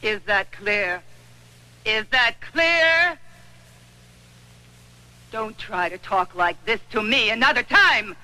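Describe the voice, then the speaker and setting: A woman's voice: medium pitch, a little slow, hardly any pauses, pushed and bright, poor audio. An actress playing a proud young Italian woman who speaks broken English with an Italian accent, defiant in a film drama. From Italy. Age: young adult.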